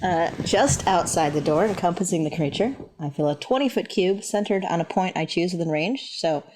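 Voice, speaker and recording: Low-pitched woman, tabletop player, hesitant and giggly. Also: expressive, moderate pace, background noise. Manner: hesitant, many fillers and soft laughs. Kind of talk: casual tabletop game play.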